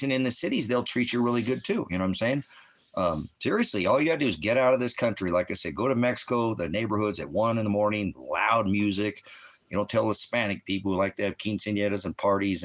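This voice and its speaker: A man's voice: lowish voice, a bit bright. A man in his fifties from the United States, talking at home in a loose, swearing, rambling monologue. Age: 50s. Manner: profane, ranting, loose and rambling. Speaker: channel host.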